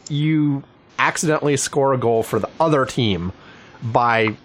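A man co-hosting a casual political chat, calmly explaining things in a measured way. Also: medium pitch.

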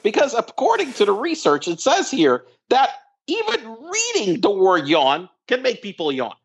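On a remote call line, a female podcast co-host chats casually, profane and exasperated, stumbling over stammering restarts. Her husky, medium-pitched voice is very animated and moderately paced.

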